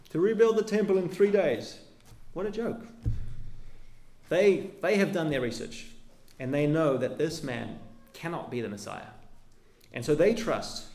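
Earnest male preacher in an echoey room. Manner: earnest preaching, dropping low and soft at phrase ends. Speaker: pastor. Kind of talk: sermon. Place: church.

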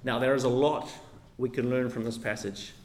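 A man's voice: mid-range voice, fairly even intonation, moderate pace. A man preaching a sermon, reading scripture aloud and then explaining it with emphatic delivery and frequent tag questions. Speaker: pastor.

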